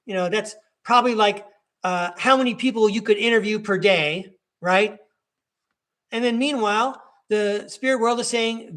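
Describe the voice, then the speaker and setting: Upbeat high-voiced man reading tarot. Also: normal speed, fairly bright tone. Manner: upbeat and encouraging, addresses the listener directly. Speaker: tarot reader and podcast host. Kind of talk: live tarot reading, casual chat.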